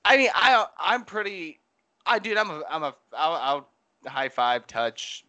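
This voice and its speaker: Man, podcast co-host, bright and forward tone, casual rambling storyteller. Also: fairly high pitch, unhurried. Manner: rambling, animated storytelling with many fillers. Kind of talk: casual chat.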